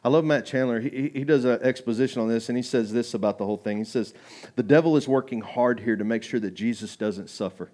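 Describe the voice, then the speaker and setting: A man's voice: medium pitch, quick pace, warm tone. Male pastor, sermon, chatty delivery that turns emphatic. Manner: conversational preaching, acts out quoted voices, rising to emphatic.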